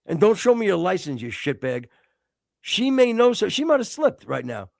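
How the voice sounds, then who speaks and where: A man's voice: high-pitched, very animated, moderate pace, vocal fry, darkish tone, no room sound, studio quality. A man in his fifties co-hosting a podcast, teasing his partner with crude, profane, mock-insulting banter. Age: 50s. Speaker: podcast co-host. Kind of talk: casual chat.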